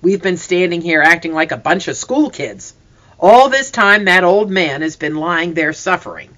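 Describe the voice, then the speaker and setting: A man's voice: high-pitched, expressive, normal speed, pushed and bright. A reader voicing a grown man who leads a hunting party in a storybook reading, speaking firmly and taking charge. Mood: commanding. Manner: firm, takes charge. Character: commanding adult male hunt leader.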